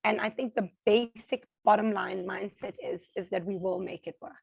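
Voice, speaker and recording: A middle-aged woman with a South African accent, an interview guest talking casually at home, animated and acting out the voices of people she quotes. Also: medium pitch, normal speed, gravelly, slightly rough, no room sound, poor audio.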